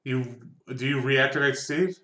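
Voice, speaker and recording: A man's voice: mid-range voice, unhurried, bright, forceful tone. A man narrating as game master of a tabletop role-playing game, rambling and restarting often. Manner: rambling, full of fillers and restarts. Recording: echoey room.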